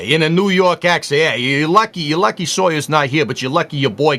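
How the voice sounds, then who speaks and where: Bright-voiced chatty male stream host. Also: fairly high pitch, a little fast, hardly any pauses. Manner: upbeat, chatty, reading out viewer messages. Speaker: livestream host. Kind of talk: casual livestream commentary.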